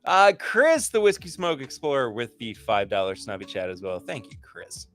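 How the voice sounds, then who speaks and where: A man's voice: mid-range voice, sing-song, moderate pace, a bit bright. A man hosting a casual livestream podcast, chatting enthusiastically through tasting notes and rambling with restarts. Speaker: podcast host.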